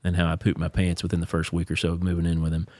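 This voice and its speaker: A man hosting a podcast, telling a story in casual chat and jumping into quick impressions of other people. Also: sits low, monotone, darkish tone, no echo, studio quality. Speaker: podcast host.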